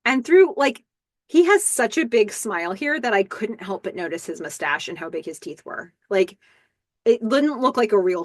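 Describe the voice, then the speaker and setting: Woman, podcast host, casual recap, animated and giggly, dry close sound. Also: mid-range voice, normal speed, no room sound. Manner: animated, giggly, reads dialogue aloud with playful voices.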